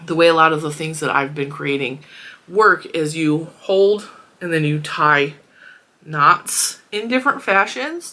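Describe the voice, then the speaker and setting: A crafting vlogger chats casually about products from a small closed room at home. Her voice is bright yet on the low side, congested and a little wheezy. She's chatty and rambling, laughing often.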